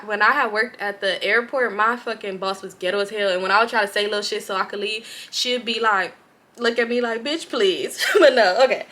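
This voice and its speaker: A young woman vlogger with a Southern Californian accent and a slightly high voice reads a viewer's story aloud, swearing plenty and reacting animatedly.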